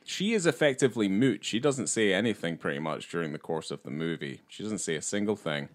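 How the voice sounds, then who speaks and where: A man's voice: low-pitched, animated, fairly quick. A man co-hosting a podcast, chatting casually about a film, rambling and hesitant with filler words and casual swearing. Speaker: podcast co-host. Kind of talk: casual film review chat.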